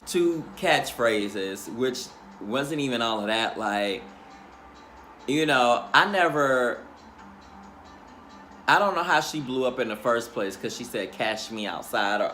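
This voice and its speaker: Sassy, animated man dishing gossip. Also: medium pitch. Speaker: reality show recap host. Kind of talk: casual recap commentary.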